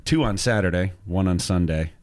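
A man who is a guest musician, talking in a relaxed, easygoing way in a casual chat. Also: low-pitched, moderate pace, dry recording.

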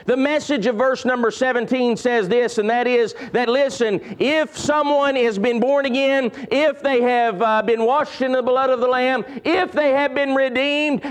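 A pastor delivers a sermon in a strikingly high voice for a man. He hammers key phrases again and again, leaping up in emphasis and then sinking low and soft. His delivery is fervent and insistent. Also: fairly even intonation, unhurried, hardly any pauses. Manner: emphatic preaching with heavy repetition and sudden rises and drops in pitch.

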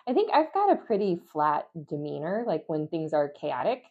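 A woman's voice: sits low, big pitch swings, moderate pace, slightly rough. A woman co-hosting a trivia podcast, chatting casually with dry, wry asides. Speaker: trivia show co-host. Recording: dull lo-fi sound.

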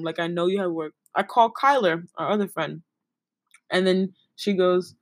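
A woman's voice: a little high, lively intonation, moderate pace, fairly bright tone, no room sound. A young woman, a podcast co-host chatting casually and telling stories, with many giggles and a lot of "like.". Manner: giggly, storytelling with lots of "like". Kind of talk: casual chat.

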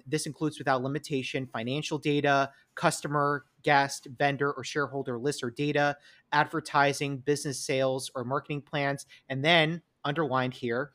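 A man's voice: mid-range voice, bright, forceful tone. A man with a New York accent co-hosting a casual podcast, explaining legal points, reading excerpts aloud and slipping in puns. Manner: punning, explanatory, reads quotes aloud. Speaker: podcast co-host.

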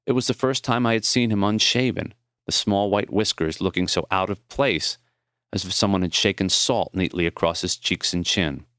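A man narrates his own memoir for an audiobook in a low, smooth, resonant voice. His storytelling is measured and tender. The recording is close and dry, with no room sound. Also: fairly bright tone, no echo.

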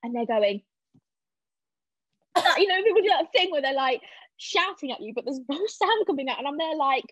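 A young woman chats as a podcast guest, her voice sitting fairly high, and she throws herself into animated storytelling, acting out everyone's lines. The sound is dry and close, but a little dull and lo-fi. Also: fairly quick, no echo. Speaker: podcast guest, stage actress. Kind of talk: casual chat.

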